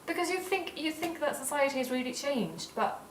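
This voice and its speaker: A woman's voice: high-pitched, lively intonation, moderate pace, echoey room, distant mic, slight background noise, poor audio. A young woman from Sweden vlogging in a casual, gushing and earnest way. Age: young adult. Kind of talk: casual vlog talk.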